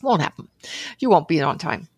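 A middle-aged woman, a guest on a podcast, telling a personal story in an animated way, laughing often and acting out her own inner dialogue. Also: low voice, normal speed, husky, no echo. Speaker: podcast guest, author and seminar leader.

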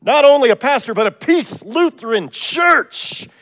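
An excitable, boastful pastor, played by a preacher pitches his voice up high, his list of deeds pouring out earnestly. His words echo long through a large church hall. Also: unhurried, exaggerated voice. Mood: boastful, indignant. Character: eager, anxious male pastor at heaven's gates.

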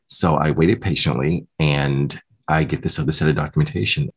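A man with a very low, husky voice tells his own story in an interview. He talks casually and keeps quoting what others said to him. His tone is low and rough at the edges. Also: normal speed. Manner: animated retelling, voicing others in quotes. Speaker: guest.

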